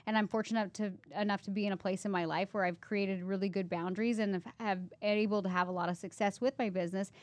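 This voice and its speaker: In a fast, steady, mid-range voice with few pauses and no echo, a woman in her thirties co-hosts a podcast. She recounts personal stories in a chatty, emotional style, leaning on fillers.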